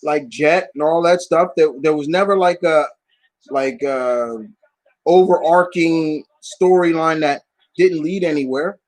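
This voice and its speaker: A man hosting a casual live Q&A stream, answering viewer questions in an animated, swearing, ranting way. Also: fairly high pitch, measured pace, no echo, poor audio. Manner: animated, swearing, rants with voiced asides.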